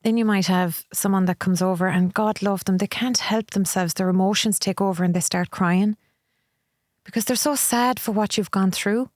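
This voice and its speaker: A woman's voice: medium pitch, fairly even intonation, normal speed, no room sound, studio quality. A middle-aged Irish woman speaking candidly and reflectively as a podcast guest, sometimes acting out the voices of people she meets. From Ireland. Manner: reflective, candid, often acts out quoted voices. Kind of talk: conversational interview.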